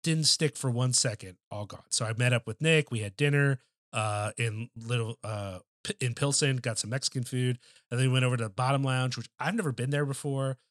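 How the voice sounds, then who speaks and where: In casual conversation, a male podcast co-host rambles through a profane story thick with fillers. He speaks a little fast at medium pitch, in a steady, fairly bright tone, and the studio recording is clean and dry.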